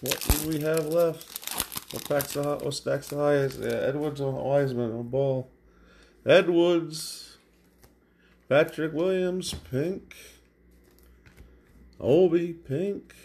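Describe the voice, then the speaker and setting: A man's voice: on the high side, steady tone, slow pace, pauses often, darkish tone. A man hosting a card break, calling out card names one at a time as he opens packs. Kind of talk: live card-break commentary. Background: crinkling and tearing of packs.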